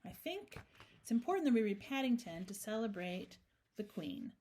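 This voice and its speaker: A woman's voice: fairly high pitch, sing-song, moderate pace, dark tone. A woman hosting a storytime, reading a picture book aloud with chatty, playful asides. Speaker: storytime host.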